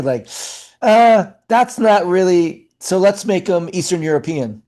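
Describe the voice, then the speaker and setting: Animated middle-aged man with a mellow voice. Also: high voice. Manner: animated, talks fast with many fillers and restarts. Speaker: actor and acting coach. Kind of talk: casual interview chat.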